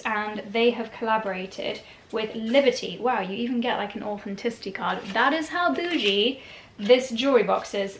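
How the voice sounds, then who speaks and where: A chatty woman with a fairly high voice talks through a haul, bubbly and playful. The recording is roomy, with echo around her and a faint hiss underneath. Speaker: lifestyle vlogger. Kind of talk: casual unboxing chat.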